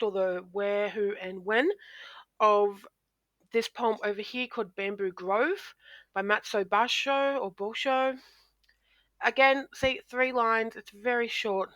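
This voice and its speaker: A woman's voice: on the high side, measured pace, a bit bright, no room sound. A woman teacher explaining poetry in a recorded lesson, talking into a close microphone with frequent ums and restarts.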